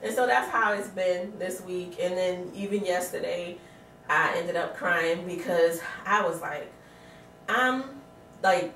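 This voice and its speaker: A woman's voice: fairly low pitch, takes it slowly, far from the mic, slight background noise. Pregnant woman telling a story, roomy. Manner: animated storyteller acting out quotes, laughing. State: pregnant, tired. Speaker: vlogger. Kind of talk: casual storytelling vlog. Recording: roomy sound from away from the mic.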